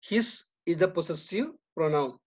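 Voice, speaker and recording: A man with an Indian English accent teaching a grammar lesson, reading each example sentence and then giving the answer more quietly. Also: on the high side, lively intonation, normal speed. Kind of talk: slow, deliberate grammar lesson. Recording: dull lo-fi recording.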